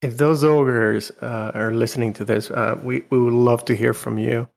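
A man co-hosting a gaming podcast, relaxed, laughing often, with halting restarts. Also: mid-range voice, vocal fry. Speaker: podcast co-host. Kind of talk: casual gaming podcast chat.

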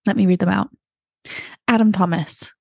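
An English woman co-hosting a chatty podcast, with a gravelly, fry-edged voice. She teases her co-host in a wry tone and laughs often. The recording is close and dry. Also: medium pitch, steady tone, moderate pace, a little mellow, no echo. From England. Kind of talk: casual chat.

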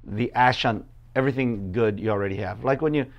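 A man preaching a sermon, first reading scripture aloud, then explaining it in a loose, conversational way full of fillers and quick asides. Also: medium pitch, muffled recording. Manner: conversational, many fillers, acts out quoted voices. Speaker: pastor.

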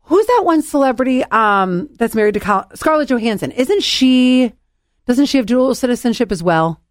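A woman co-hosting a podcast in casual chat, animated and giggly as she tells stories. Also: fairly high pitch, normal speed, no echo, studio quality. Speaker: podcast co-host.

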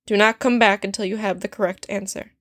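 A woman's voice: mid-range voice, steady tone, fairly quick, a bit bright, no echo, clean studio sound, lightly acted. A woman reading a story aloud, voicing a stern, sardonic male potions professor who speaks in a cold, clipped and cutting way. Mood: cold, scornful.

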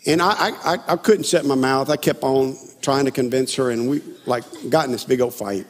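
Middle-aged male pastor, high husky voice, self-deprecating storyteller, recorded in a reverberant church hall. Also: moderate pace. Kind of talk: sermon. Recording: long reverb of a large hall.

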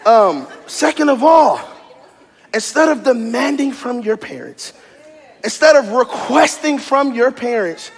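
A pastor preaching a sermon with loud, animated, joking emphasis, often near a shout, in a church sanctuary. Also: male voice, extremely high pitch, a little slow, vocal fry, slightly rough. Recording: long reverb of a large hall.

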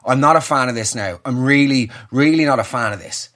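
A man's voice: mid-range voice, brisk, pushed and bright, pitched below the performer's own voice, close to an everyday voice. A man quoting his grown sister as she mutters her unease at a funeral. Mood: uneasy.

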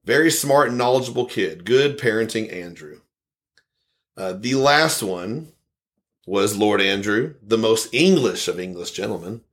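A man's voice: lowish voice, animated, unhurried. A man hosting a podcast, reading listener comments aloud in a casual, rambling way and chuckling often. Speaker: podcast host.

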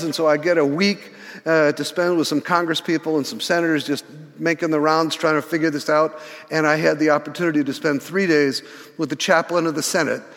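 A man in his sixties telling a story in a sermon, animated, often restarting his words. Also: a little high. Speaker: pastor. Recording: reverberant church hall.

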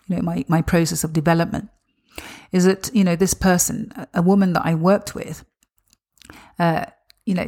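A woman with a fairly low voice tells her personal story as a podcast host. She speaks in a reflective, earnest monologue, often circling back on her words. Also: a little mellow. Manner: reflective, earnest, with frequent "you know" and repeated words.

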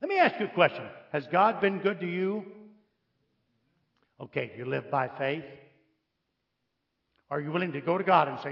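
A man's voice: fairly high pitch, normal speed, gravelly, pauses often, muffled recording. A man preaching a sermon, telling stories with humor and asking the congregation questions. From United States. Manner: animated storytelling, jokes and questions to the congregation. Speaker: visiting preacher.

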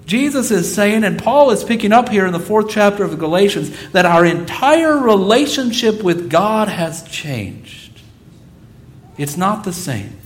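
A man preaching a sermon as pastor, telling stories with lively, acted-out quotes. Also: high voice, measured pace. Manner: animated storytelling, acting out quoted voices.

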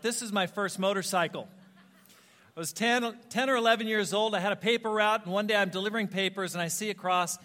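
A man preaching a storytelling sermon, animated and self-mocking, laughing at his own stories. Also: high voice. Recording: long reverb of a large hall.

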